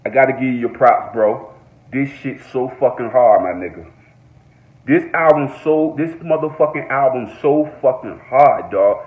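A man giving an excited, profane reaction rant in a casual vlog, repeating his exclamations over and over. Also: mid-range voice, moderate pace. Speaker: reaction vlogger. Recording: echoey room, phone-like sound.

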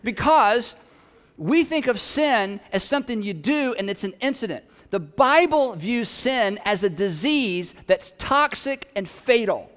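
A man's voice: very high voice, expressive, measured pace, a bit bright, long reverb tail. A man preaching a sermon in a conversational, humorous way, with emphatic peaks. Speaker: pastor.

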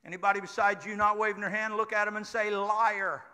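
An older man preaching a Pentecostal sermon in a church, leading the congregation in call-and-response and building up to shouts. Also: high voice, little pitch movement, fairly quick, clear, resonant tone. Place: church sanctuary. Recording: church hall reverb with congregation.

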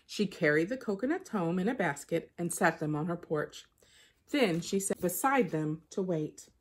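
A woman reading a children's picture book aloud in an expressive storytelling manner. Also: lowish voice, normal speed. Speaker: storybook reader.

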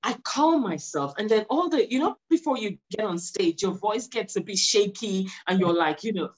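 A woman's voice: mid-range voice, expressive, normal speed, rough recording. Earnest, encouraging woman guest. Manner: earnest, encouraging, repeats for emphasis. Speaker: podcast guest, mindset stylist. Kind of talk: conversational interview.

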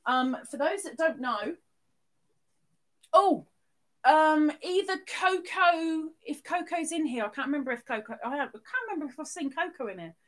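High, lively woman gushing to viewers. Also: moderate pace. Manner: gushing, affectionate, reading out viewer names. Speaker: livestream host. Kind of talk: live stream chat with viewers.

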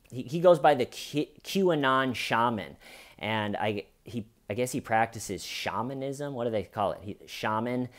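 Sarcastic rambling male comedian. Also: medium pitch. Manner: sarcastic, rambling, acts out quotes in mocking voices. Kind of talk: comedic commentary monologue.

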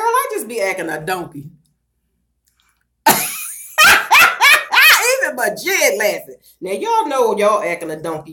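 A middle-aged woman chatting on a casual livestream, loud and playful, breaking into laughter and talking straight to her viewers while she does her hair at home. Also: fairly low pitch, heavy background noise. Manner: slangy and animated, talks straight to viewers. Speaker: vlogger doing a livestream.

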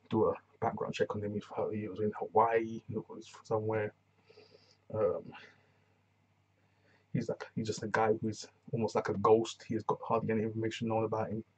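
A man with a husky, somewhat low voice recaps a TV episode in a loose, rambling way, full of slang and restarts. The recording sounds a bit dull and muffled. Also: steady tone, brisk, pauses often, darkish tone. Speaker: TV reviewer. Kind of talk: casual episode recap vlog.

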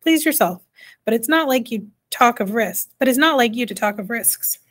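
Lady reading a snappy bossy little mum, higher voice, pushy and quick to argue. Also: expressive. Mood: sharp. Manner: sharp and insistent. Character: sharp, bossy tiny mother of a little-people family.

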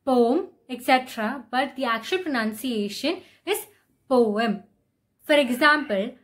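Woman, pronunciation lesson, slightly high pitch, slow careful repetition of words. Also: fairly bright tone. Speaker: pronunciation teacher. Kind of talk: explaining and modeling word pronunciations.

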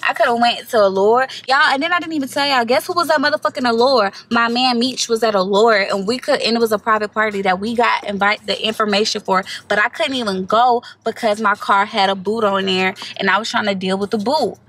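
A woman vlogger telling a story to the camera in a casual, animated way, swearing freely and calling her viewers y'all. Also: a little high, fairly quick, hardly any pauses, poor audio. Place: inside a parked car.

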